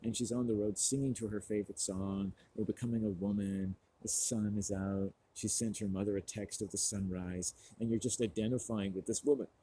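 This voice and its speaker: A man with a lowish, mellow voice rambles through a movie plot in loose, casual talk. He swears freely, leans on fillers, and acts out the people he quotes. A faint hiss sits under the voice. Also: fairly even intonation, fairly quick, hardly any pauses. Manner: rambling, profane, full of fillers. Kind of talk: casual movie recap rant.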